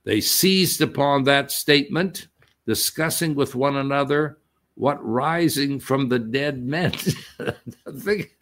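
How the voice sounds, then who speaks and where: A man's voice: mid-range voice, takes it slowly, a bit bright. A man preaching and teaching from a Bible passage in a conversational way, stopping often to ask his listeners questions.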